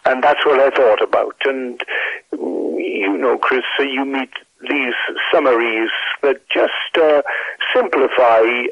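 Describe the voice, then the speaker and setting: A retired Welsh pastor in his eighties with a slight mid-Atlantic tinge, speaking in a measured, hesitant way full of fillers. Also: medium pitch, dry recording, lo-fi sound. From Wales. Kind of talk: reflective conversational interview.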